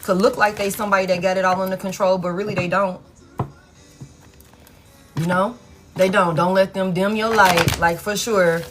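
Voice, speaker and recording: A woman's voice: medium pitch, steady tone, moderate pace, long pauses, music in the background. A woman giving a casual live tarot reading, blunt and frank, swearing freely and repeating herself for emphasis. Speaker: tarot reader.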